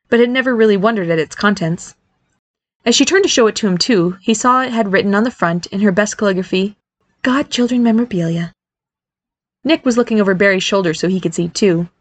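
A woman reads a story aloud in audiobook style, expressive and lively with the characters. Her voice is mid-pitched, and the recording is dry and close with no room sound. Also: no echo. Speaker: narrator. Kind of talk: audiobook narration.

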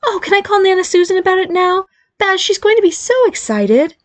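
For this audiobook, a woman pushes her voice very high and speaks expressively and fairly quickly, with no room sound. Her character is a cheerful yet nervous middle-aged fairy godmother mom, eager, chatty and anxious, constantly reassuring.

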